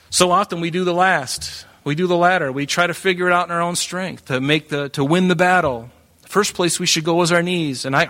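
A man preaching a sermon in an animated way, breaking into joking asides and acting out the voices of the people in his story. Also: a little high. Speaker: pastor.

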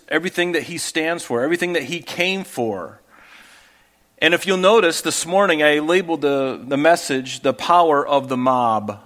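A man's voice: medium pitch, fairly bright tone, long reverb tail. A man giving a sermon as a pastor, explaining events in a conversational teaching manner with rhetorical asides.

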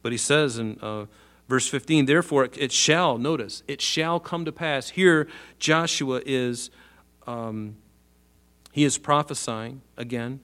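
A man of middle pitch preaching a sermon. He reads verses aloud with rising emphasis, then explains them in plain, earnest terms. He asks his listeners rhetorical questions along the way. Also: measured pace, a bit bright, clear, resonant tone. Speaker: pastor. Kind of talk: sermon, reading and expounding scripture.

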